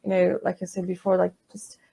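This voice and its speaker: Woman therapist guest, gentle explainer, mellow, even delivery. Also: lowish voice, brisk, gravelly, slightly rough. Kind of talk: interview conversation.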